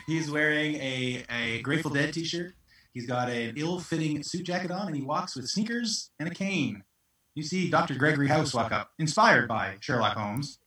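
A man in a tabletop game talks in an animated way and laughs often. His voice is bright and lively. He sits away from the mic in an echoey room. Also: a little high, normal speed. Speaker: player. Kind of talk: casual game chat. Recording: echoey, from a distance.

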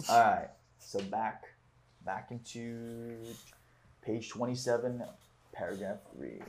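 A man's voice: on the low side, a little mellow. A man leading a book discussion, reading passages aloud and then reflecting on them with casual fillers. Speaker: discussion leader.

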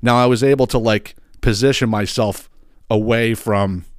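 A man, hosting a podcast in a casual ranting monologue, animated and swearing, his pitch jumping up when he gets worked up. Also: normal speed, no echo, studio quality. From Philadelphia area. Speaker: podcast host. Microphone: side-address studio microphone.

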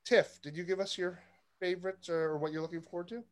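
A man's voice: sits high, brisk. A man hosting a casual panel chat, telling stories with a lot of laughter. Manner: lively, storytelling, laughs often. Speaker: podcast host.

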